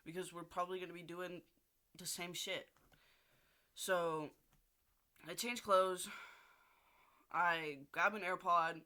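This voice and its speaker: A man's voice: sits high, steady tone, takes it slowly, long pauses, bright, forceful tone, clear, resonant tone. A young man ranting casually in a video diary, swearing often and rambling with restarts. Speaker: video diarist.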